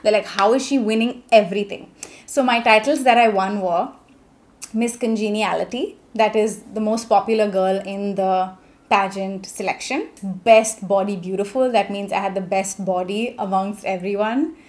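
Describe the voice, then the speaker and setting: A young woman from India, telling her own story in a chatty, expressive vlog style with many fillers. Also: mid-range voice, normal speed. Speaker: vlogger. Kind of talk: casual storytelling.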